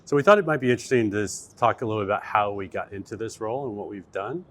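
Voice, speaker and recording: A man hosting a casual podcast panel, talking in a relaxed, easygoing way. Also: lowish voice, racing. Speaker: podcast host.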